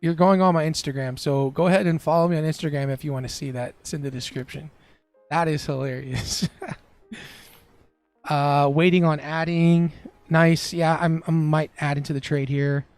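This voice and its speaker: Laid-back young man, fairly high voice. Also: fairly even intonation, moderate pace, clean tone, no room sound, soft background music. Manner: laid-back and chatty, laughs often. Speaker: day trader streaming live. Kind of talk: casual live-stream commentary, reading chat.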